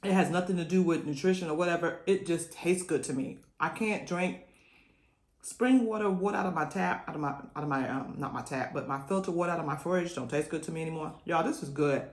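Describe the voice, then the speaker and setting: A woman's voice: lowish voice, a little fast, reverberant. A woman vlogger chatting casually to camera while eating, talking with her mouth full and humming over the food, saying y'all often. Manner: folksy, says y'all often.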